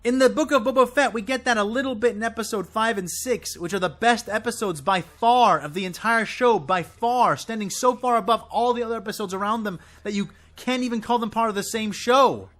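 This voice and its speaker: A man's voice: fairly quick, few pauses, fairly bright tone. A man giving an impassioned, exasperated solo rant to camera, swearing and sputtering as he goes. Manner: exasperated, swearing, high and swooping. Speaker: video creator ranting about a show.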